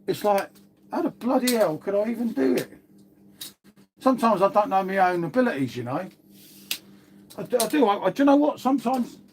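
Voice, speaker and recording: A man's voice: high voice, darkish tone, a little hiss or hum. A man chatting casually on a live stream, rambling and swearing now and then. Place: outdoors.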